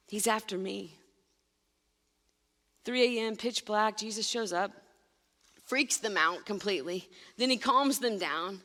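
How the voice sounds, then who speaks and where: A woman's voice: mid-range voice, fairly bright tone, big-room sound. A woman pastor giving a sermon, speaking emphatically and addressing her listeners directly. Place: church sanctuary.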